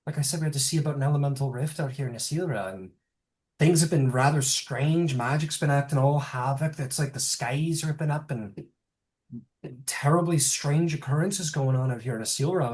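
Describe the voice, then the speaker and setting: A game master voicing an older female elf druid who is bewildered and anxious, talking in halting, stammering restarts. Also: medium pitch, darkish tone, lightly acted. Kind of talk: tabletop role-play.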